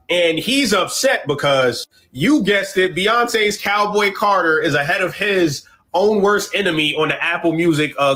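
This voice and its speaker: A man giving animated, mocking commentary on a social media clip. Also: sits high, slight background noise.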